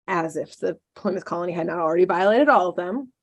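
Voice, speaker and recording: A woman co-hosting a podcast, telling a dark history story in a casual way, with sarcastic asides and lots of ums. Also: on the low side, quick pace.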